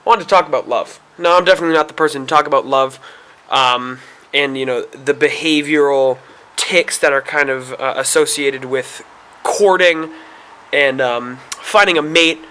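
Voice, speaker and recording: A man's voice: a little high, moderate pace, sharp tone. A man hosting a video, talking casually to the camera in a hesitant way, with many fillers and restarts. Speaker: video host.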